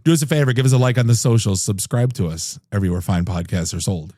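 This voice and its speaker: A male podcast host with a lowish, warm and mellow voice, chatting casually. He rambles and jokes, restarting his sentences often. The sound is close and dry. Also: quick pace, dry recording. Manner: rambling, jokey storyteller with many restarts.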